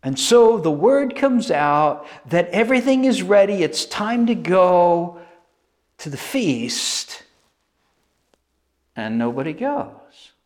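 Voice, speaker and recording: Male preacher, slow and lively, voice jumping all over, hammering phrases home. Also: sits high. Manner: animated, emphatic, repeats phrases for effect. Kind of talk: sermon.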